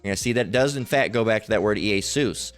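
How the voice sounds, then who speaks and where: Speaking fast in a voice on the low side, this man leads an informal Bible lesson over screen share. He sounds hesitant, uses lots of fillers, and keeps asking "all right?" while faint music plays in the background.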